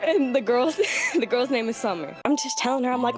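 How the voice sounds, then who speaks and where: A woman caller telling a dramatic gossipy story in a casual, animated way. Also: a little high, brisk, music in the background.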